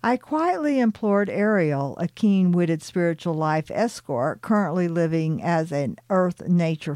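A woman with a lowish, soft-spoken voice reads a channeled spiritual story aloud, adding her own reflective comments and light laughter. The recording is studio quality with no echo.

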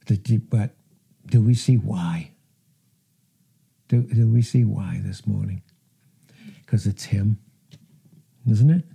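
A middle-aged male pastor delivers a sermon in a very dark, mellow voice with a husky edge. He talks earnestly and with emphasis, and his pitch climbs whenever he quotes a verse. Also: slow, long pauses. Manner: earnest, emphatic, rises in pitch when quoting scripture.

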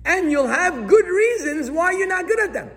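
A man giving an animated sermon, as a rabbi to a live audience, acting out questions and excuses. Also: very high-pitched, normal speed. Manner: animated, acts out questions and excuses in different voices. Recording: long hall reverb.

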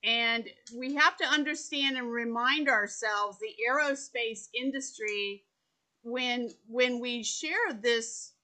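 A middle-aged woman from South Texas speaking as a panelist over a soft remote microphone, measured and deliberate, often repeating words as she starts. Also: a little high. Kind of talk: panel discussion over video call.

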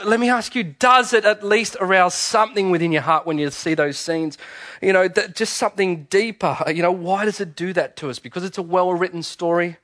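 A man preaching a sermon in a church, animated and conversational, often restarting his sentences. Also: high voice, brisk. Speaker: pastor.

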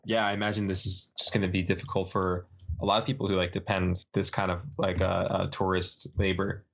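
Very deep-voiced young man rambling casually. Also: level tone, a little fast, vocal fry, fairly bright tone. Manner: rambling, lots of "like" and restarts. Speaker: podcast co-host. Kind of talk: casual news chat. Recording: dull lo-fi podcast audio.

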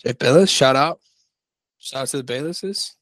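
A man's voice: mid-range voice, normal speed, a bit bright, dry recording, low-quality recording. A man co-hosting a casual podcast, rambling and correcting himself as he talks through his picks. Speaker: podcast co-host. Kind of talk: casual sports-betting chat.

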